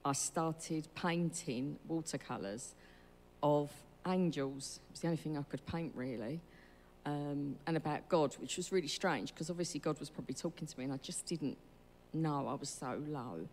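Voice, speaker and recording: Low-voiced woman in a reverberant church hall. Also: normal speed, darkish tone, a little hiss or hum. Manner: rambling, chatty storytelling with self-corrections. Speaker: church member giving testimony. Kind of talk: personal testimony.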